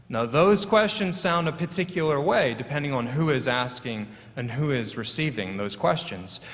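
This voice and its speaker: A man's voice: mid-range voice, a bit bright. Man pastor, English-born, storytelling sermon, church with long echo. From England. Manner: conversational storytelling preaching. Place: church sanctuary.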